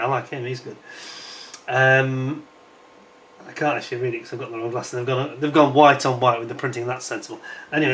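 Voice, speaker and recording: Middle-aged British male host, casual rambling model-review chat, mid pitch, faint room hum. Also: fairly bright tone. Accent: British English. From United Kingdom. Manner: chatty, wanders off on tangents, frequent fillers. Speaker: scale model kit reviewer. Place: indoors at home, warm room with a fan.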